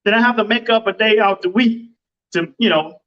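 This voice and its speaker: A high-pitched man hosts his own podcast in a loose, emphatic manner and often breaks into exclamations. His talk is casual and motivational. The home recording sounds a little dull and lo-fi. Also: brisk. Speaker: podcast host. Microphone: home computer setup microphone.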